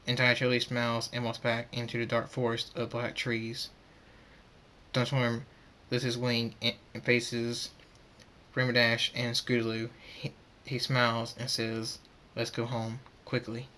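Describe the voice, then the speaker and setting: A man reading a fan story aloud, halting and repeating words as he goes. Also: medium pitch, completely flat delivery, sharp tone.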